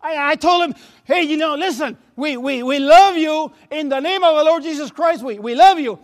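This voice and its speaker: High-voiced Spanish-accented man preaching. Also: moderate pace. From Latin America. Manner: repeats words and restarts, laughs at himself, storytelling. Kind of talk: sermon. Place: church sanctuary.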